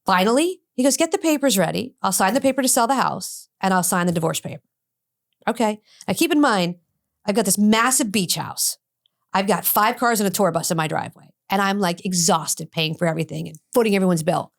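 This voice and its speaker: A middle-aged woman talks as a podcast guest, telling a long personal story. She voices the people she quotes with animated shifts, in a voice of middling pitch. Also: a little fast, gravelly. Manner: animated, acts out quoted dialogue. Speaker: addiction expert guest.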